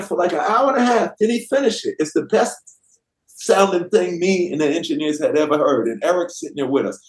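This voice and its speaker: A man's voice: high voice, a little fast, a little mellow. A man in his fifties, a guest rapper, telling a story with lots of slang and acting out the voices of the people he quotes. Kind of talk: animated storytelling anecdote. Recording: roomy echoey sound.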